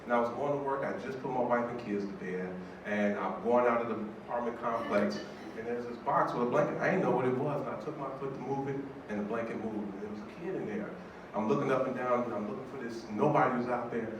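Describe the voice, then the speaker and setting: Animated storyteller judge in an echoey hall. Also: male voice, medium pitch, fast talker, highs cut off. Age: 50s. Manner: animated, emotional, acts out voices. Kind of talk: personal storytelling speech to an audience. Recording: echoey hall from far off, background noise.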